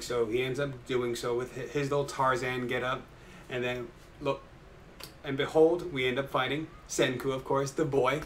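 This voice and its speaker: A young man excitedly recapping an anime episode for his viewers, rambling with lots of fillers. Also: medium pitch, normal speed, a little hiss or hum. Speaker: anime reaction YouTuber.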